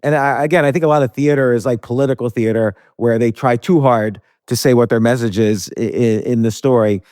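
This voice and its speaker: A man's voice: mid-range voice, steady tone, brisk, darkish tone, dry recording, clean studio sound. A man hosting a podcast interview, thinking aloud in long, rambling sentences with many restarts. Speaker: podcast host. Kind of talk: casual interview.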